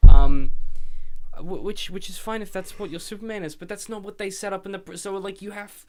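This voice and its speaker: A young man talks through a film on a podcast in a fast, animated rant, swearing as he goes. His voice sits a little high, and he jumps between complaints and excited ideas. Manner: animated, ranting, swears freely. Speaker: podcast co-host. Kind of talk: casual film review chat.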